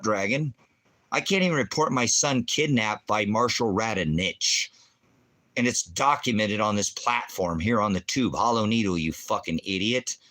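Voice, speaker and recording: A middle-aged man and veteran hosting a ministry livestream, ranting angrily and cursing at commenters in a combative way. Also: on the low side. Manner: profane, combative, shouting insults at chat. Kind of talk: angry livestream rant.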